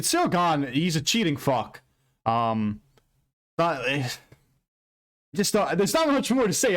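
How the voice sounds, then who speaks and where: A man hosting an MMA recap channel, ranting loudly and profanely in an unscripted, rambling way. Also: medium pitch. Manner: loud, profane, heated and emphatic; rambling with frequent restarts and fillers. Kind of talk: unscripted fight recap rant.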